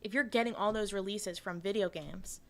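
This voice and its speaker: A woman's voice: medium pitch, moderate pace, vocal fry. A woman from Canada streaming as a VTuber, chatting frankly with her chat and swearing freely. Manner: reads chat aloud and answers it. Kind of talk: casual livestream chat.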